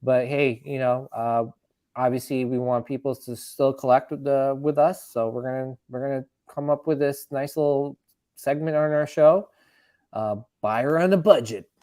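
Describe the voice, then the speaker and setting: A man's voice: medium pitch, normal speed, no echo. Man, podcast host, casual chat, laughs a lot, rambling fillers, dry sound. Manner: laughing, animated, loose filler-heavy talk.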